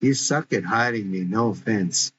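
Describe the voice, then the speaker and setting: A man's voice: lowish voice, normal speed, fairly bright tone, a little hiss or hum, lightly acted. A man reading as a tough streetwise teenage girl. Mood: blunt. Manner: blunt, slangy. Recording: dull lo-fi recording.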